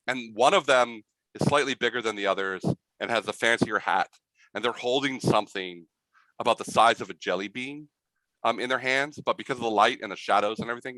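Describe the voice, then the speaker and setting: A man's voice: medium pitch, bright, forceful tone, no room sound, low-quality recording. A man narrating a tabletop game as game master, rambling and full of fillers.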